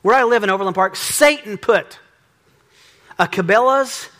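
A middle-aged man preaching a sermon as pastor, lively and joking, acting out little exchanges. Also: high-pitched, moderate pace. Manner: lively, joking, acts out dialogue.

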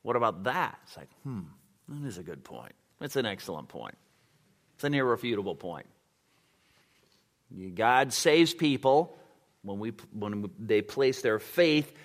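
A man preaching a sermon and answering questions, talking casually with lots of fillers and acting out the quotes. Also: mid-range voice. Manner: conversational, animated, many fillers, acts out quotes. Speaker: pastor. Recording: long hall reverb.

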